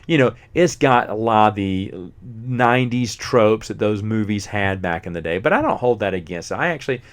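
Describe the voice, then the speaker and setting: A man, casually reviewing movies as a host, rambling and often forgetting names. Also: lowish voice.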